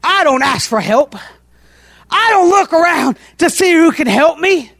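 High-voiced man preaching a fiery sermon. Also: animated, measured pace, vocal fry, no echo, studio quality. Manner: impassioned, often breaks into shouting; folksy, repeated "oh" between phrases.

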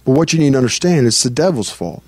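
A man's voice: medium pitch, animated, fast talker, darkish tone, no echo. A man preaching a conversational sermon as pastor. He speaks earnestly and breaks into prayer as he teaches. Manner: earnest, prays aloud mid-talk.

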